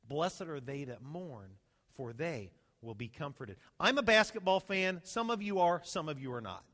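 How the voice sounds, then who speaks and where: Animated high-voiced male preacher. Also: in a large hall. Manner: animated, swings between loud emphasis and soft, slow asides. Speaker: pastor. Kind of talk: sermon. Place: church sanctuary.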